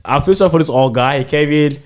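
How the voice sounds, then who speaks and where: A man's voice: fairly high pitch, quick pace. A man co-hosting a podcast, telling a story in short, joking bursts during casual chat. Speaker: podcast co-host.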